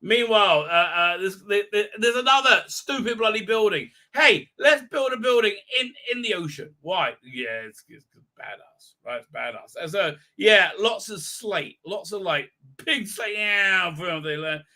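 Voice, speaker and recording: A man's voice: high-pitched, expressive, unhurried. A man hosting a casual live stream, rambling through a recap with profanity, sarcasm and lots of fillers. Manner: acts out characters' lines in shouted voices. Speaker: live-stream show host.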